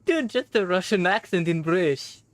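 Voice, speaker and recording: A woman's voice: fairly low pitch, expressive, moderate pace, dry recording. A woman streamer chatting casually and laughing often while playing a game with a friend. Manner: giggly, reads game lines aloud.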